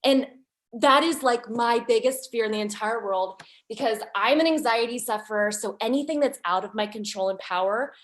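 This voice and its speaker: A young woman sharing her birth story as a podcast guest, lively and candid. Her voice sits a little higher than most, and she slips into quoted thoughts and asides as she goes. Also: normal speed.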